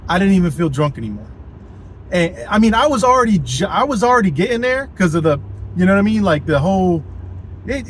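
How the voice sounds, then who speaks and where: A man's voice: fairly high pitch, slight background noise, rough recording. A man telling a personal story in a casual vlog, rambling and swearing, with lots of fillers and "you know what I mean.".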